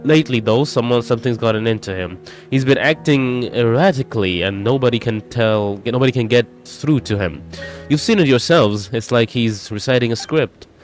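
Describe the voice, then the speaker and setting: A man's voice: medium pitch, moderate pace, faint music behind, lightly acted. A man reading the lines of a polite, apologetic woman who runs a resort, in his own voice. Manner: apologetic, formal, reading game lines aloud. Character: polite anxious female resort supervisor.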